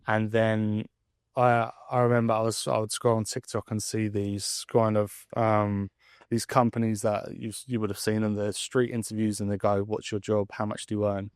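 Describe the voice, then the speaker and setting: A young man speaks in a low, even monotone, thinking aloud about his life with plenty of ums and restarts. The sound is dry and close, with no room around it. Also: normal speed, clean tone, no echo. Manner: candid, rambling, with frequent fillers and restarts. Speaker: vlogger. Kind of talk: reflective personal monologue.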